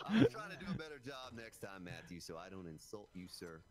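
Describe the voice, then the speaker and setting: A man's voice: low-pitched, lively intonation, brisk, crowd noise. Folksy joking man streaming a game. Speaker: streamer playing a survival game. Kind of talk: casual live-stream chat.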